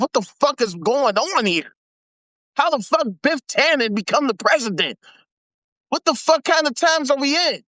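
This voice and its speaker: The host is an American man on a live stream, his very high-pitched voice carrying a casual, animated rant packed with profanity and slang. He often repeats himself for emphasis, and there's no echo.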